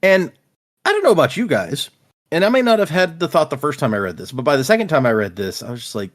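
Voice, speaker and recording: A man's voice: a little high, very animated, quick pace. A man co-hosting a casual book discussion podcast, animatedly retelling scenes and paraphrasing characters. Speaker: podcast co-host.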